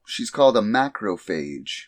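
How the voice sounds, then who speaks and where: Male co-host, very low voice with lively swings, dry close sound, animated storyteller. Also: a little slow, dry recording. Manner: animated storytelling with sudden high squeaky voices for characters. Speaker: podcast co-host recapping an anime. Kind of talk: casual chat.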